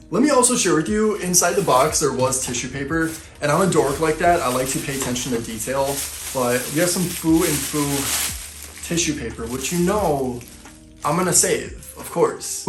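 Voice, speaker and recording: A man filming an excited unboxing vlog, gushing and effusive, heaping on superlatives. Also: medium pitch. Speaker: fashion vlogger. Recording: roomy echo, faint background music.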